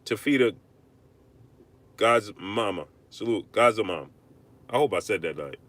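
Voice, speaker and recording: A man hosting a live-stream boxing rant, arguing hard, repeating himself and shouting out viewers. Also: lowish voice, a little slow. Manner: animated, repetitive, argumentative, shouting out viewers. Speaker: livestream host.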